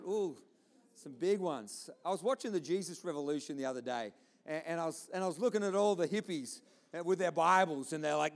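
Aussie pastor guy preaching in church, fairly high voice, chatty then gets fired up. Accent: Australian. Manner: conversational preaching that builds to loud, emphatic passion; frequent restarts and "listen" asides. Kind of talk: sermon. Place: church auditorium during a service.

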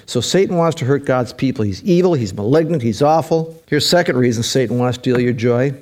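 A man's voice: mid-range voice, a little fast, darkish tone. A middle-aged male pastor preaching a sermon, emphatic, with his voice swinging up and down for emphasis.

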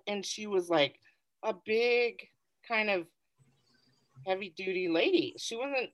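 A woman co-hosting a podcast in casual chat, telling stories with plenty of fillers. Her pitch sits in the middle but swings up and down a great deal. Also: slow pace, long pauses. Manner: animated storytelling, filler-heavy. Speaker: podcast co-host.

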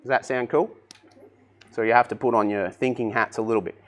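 A man preaching a sermon, energetic and conversational, asking the congregation direct questions. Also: mid-range voice, a little fast. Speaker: pastor.

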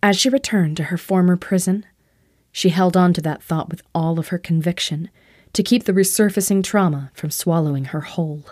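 A woman narrating a fantasy audiobook in a steady, even storytelling voice. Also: fairly low pitch, moderate pace, no room sound, clean studio sound.

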